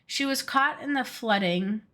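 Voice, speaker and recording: A woman streamer reading a storybook aloud from a game, steady with small slips and restarts. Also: a little high, a little slow.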